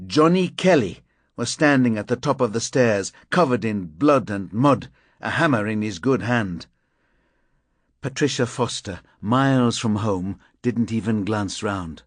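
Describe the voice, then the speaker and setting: A man reading a crime thriller audiobook in measured, grim first-person narration. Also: lowish voice, expressive, no room sound. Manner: measured, grim, deliberate delivery.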